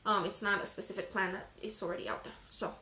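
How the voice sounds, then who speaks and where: A woman hosts a casual Bible reading on a live stream, her bright voice carrying in a roomy, echoing space. She stops between passages to talk them over in a loose, chatty way, leaning on "like", and sounds out of breath. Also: medium pitch, steady tone, fast talker, a little hiss or hum. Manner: chatty, lots of "like" fillers. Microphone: phone on a live stream.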